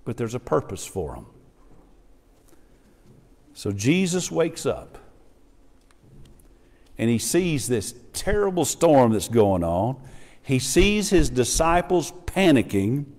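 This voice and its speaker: A man's voice: mid-range voice, big pitch swings, slow pace, pauses often, a little mellow. A middle-aged man preaches in a church, his voice rising and falling with a lot of animation. He drops into quoted voices to act out the people in his story. The sound rings out with a long hall reverb. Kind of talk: sermon. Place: church sanctuary.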